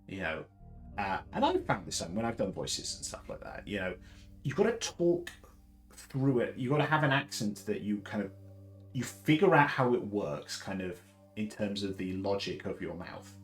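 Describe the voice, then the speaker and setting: A man from the south of England with a deep baritone voice, chatting casually and rambling with many fillers and restarts. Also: rough recording. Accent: Southern English. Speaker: host. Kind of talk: casual live chat.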